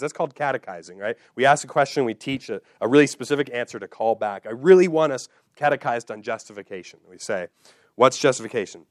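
Male preacher, earnest teaching tone, repeats key lines, mid pitch, dry close sound. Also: no room sound. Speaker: pastor. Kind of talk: sermon.

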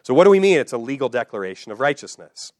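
A man's voice: medium pitch, big pitch swings, fast talker, darkish tone, no room sound, clean studio sound. A male pastor preaching a teaching sermon, emphatic and repeating key phrases so they stick.

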